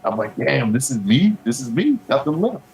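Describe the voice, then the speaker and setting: A man's voice: mid-range voice, very animated, normal speed, gravelly, darkish tone, echoey room, slight background noise, poor audio. A man co-hosting a podcast, telling a long story casually, swearing freely and peppering it with "bro". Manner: profane, rambling storytelling with lots of "bro". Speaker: podcast co-host.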